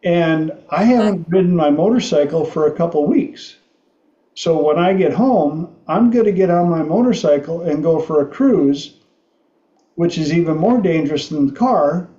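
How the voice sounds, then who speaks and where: A middle-aged man hosting a livestream talk show, telling stories slowly with frequent restarts. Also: a little high, expressive, mellow, roomy sound, lo-fi sound. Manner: slow, halting storytelling with restarts. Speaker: podcast host.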